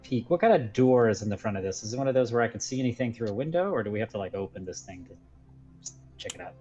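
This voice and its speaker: A man's voice: mid-range voice, expressive, fast talker, warm tone, breathy edge, dull audio, faint music behind. A man playing a tabletop game, curious and self-deprecating. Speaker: player. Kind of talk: casual tabletop play.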